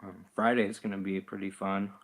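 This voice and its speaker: Laid-back low-voiced man rambling casually. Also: level tone, a little fast, fairly bright tone. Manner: rambling, chuckling, loose and self-deprecating. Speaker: livestream host. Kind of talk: casual chat reading live comments.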